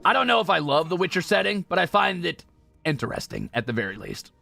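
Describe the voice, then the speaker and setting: A young male streamer with a bright, forceful tone and a lot of swing in his pitch, plus some gravel underneath. He talks in a playful, joking way, trailing into mutters as he types. The sound is dry and close, with soft music playing behind him. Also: very animated, fast, no room sound. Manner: playful, joking, drifts into mumbling while typing. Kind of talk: casual gaming livestream chat. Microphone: close streaming mic.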